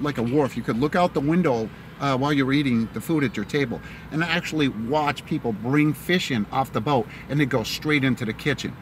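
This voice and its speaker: A man's voice: mid-range voice, fairly bright tone, a little hiss or hum. A middle-aged man with a mixed Boston and Tennessee accent, rambling chattily with many fillers on a casual live stream while driving in a car. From Massachusetts, Boston area. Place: inside a car in the city.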